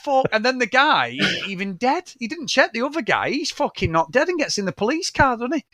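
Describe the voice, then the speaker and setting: Man, podcast co-host, high voice, sweary, animated, dry close recording. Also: brisk, no room sound. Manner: sweary, animated, acts out scenes. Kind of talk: casual film review chat.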